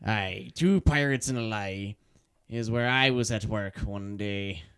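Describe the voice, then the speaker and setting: A gruff pirate, as a man on a podcast puts him on, growling low with a deadpan edge. The voice stays smooth and resonant and sits lower than his normal talk. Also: slow pace, no echo, studio quality. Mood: dry.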